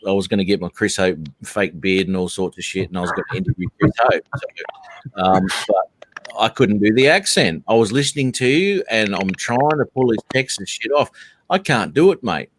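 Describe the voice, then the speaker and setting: Low-voiced host, matey and laughing, faint hiss behind. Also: male voice, brisk. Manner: laughs often, says mate, swears casually. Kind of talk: casual chat.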